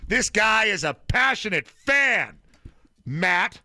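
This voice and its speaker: A man's voice: high-pitched, sing-song, measured pace, pushed and bright, no echo, studio quality. A man co-hosting a sports radio show, teasing and bantering with his partner. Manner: playful, teasing. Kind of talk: casual sports talk banter.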